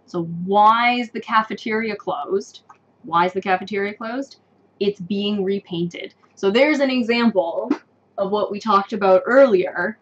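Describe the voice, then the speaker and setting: A woman teaching an online English test-prep lesson, patient and encouraging, repeating each answer slowly. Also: medium pitch, muffled recording.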